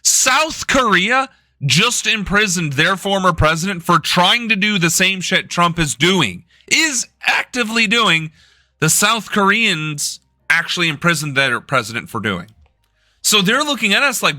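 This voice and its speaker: A man's voice: sits high, animated, unhurried, bright, forceful tone, no room sound, clean studio sound. A young man from the United States hosting a political live stream, ranting in a profane, sarcastic way.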